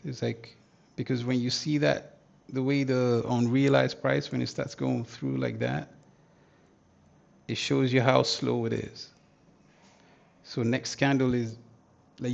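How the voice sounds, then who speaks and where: A man's voice: medium pitch, level tone, unhurried, vocal fry, pauses often, muffled recording. A man hosting a live market analysis lesson, talking casually in slang and thinking aloud as he goes. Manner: slangy, thinks aloud, hums and mutters to himself. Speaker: trading educator, livestream host.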